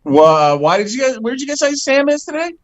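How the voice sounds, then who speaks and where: A man's voice: very high-pitched, big pitch swings, quick pace, no echo. A man co-hosting a casual chat, bringing stories in a sardonic tone and swearing casually. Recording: dull lo-fi audio.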